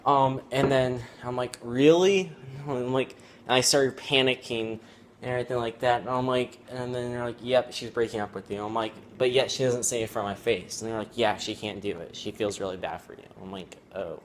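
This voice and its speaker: A teenage boy telling a personal story at home, rambling and halting with many fillers. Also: mid-range voice, level tone, fairly bright tone, slight background noise. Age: teens. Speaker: student vlogger. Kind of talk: casual storytelling.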